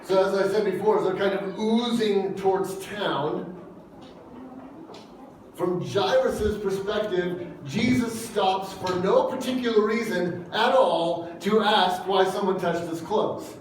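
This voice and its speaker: A man delivering a sermon in a relaxed, talky way, pressing his points with questions to the room. His voice sits high for a man and rings through a large church hall. He is well off the mic, with a faint hiss underneath. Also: takes it slowly, far from the mic. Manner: conversational, emphatic, asks the congregation questions. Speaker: preacher.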